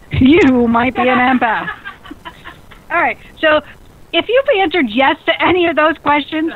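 A woman hosts a radio talk show, excitable and bubbly, often breaking into laughter. Her voice sits a little high and comes through lo-fi, phone-like radio audio. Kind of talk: casual radio chat.

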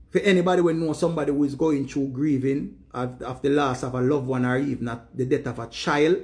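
Man, Jamaican accent, grieving, emphatic and repetitive, patois, fairly high-pitched. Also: darkish tone. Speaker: vlogger. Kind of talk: emotional monologue to camera.

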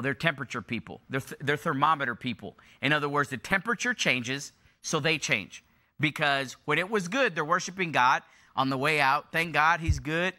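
A man's voice: a little high, pushed and bright. A middle-aged male pastor preaching a sermon, repeating phrases for emphasis and building in intensity.

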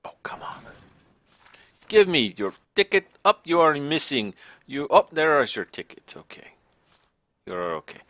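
A man commentating his game live, addressing each traveler with stiff, formal inspector phrasing. His pitch swings widely and his tone is bright and forceful. The sound is close and dry. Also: very animated, normal speed, no room sound. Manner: stiff, formal role-play as a border inspector. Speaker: game streamer.

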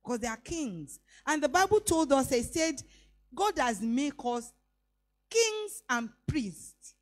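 A woman's voice: high-pitched, big pitch swings, slow pace. A middle-aged woman with a Nigerian accent, preaching a sermon and telling a personal story, slipping into Yoruba phrases. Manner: emphatic, voice rising on declarations.

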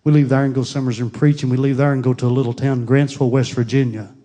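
A middle-aged pastor preaching a Pentecostal sermon, moving from grief to fervent praise. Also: male voice, mid-range voice, flat delivery, fast. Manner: grieving then rising to fervent shouted praise.

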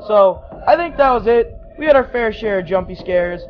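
A man's voice: sits high, animated, moderate pace, muffled recording, slight background noise. A man giving casual horror gameplay commentary, jumpy, swearing often and talking to the game's characters. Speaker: gaming YouTuber.

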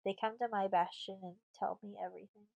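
A woman's voice: medium pitch, fairly even intonation, a little fast, creaky, darkish tone, highs cut off. A woman voicing a commanding teen girl. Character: brave fourteen-year-old girl in command.

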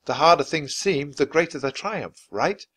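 A man's voice: fairly high pitch, expressive, moderate pace, fairly bright tone, voice pushed up. A man reading as an earnest young boy. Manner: earnest, slightly raised voice. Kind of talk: storybook reading.

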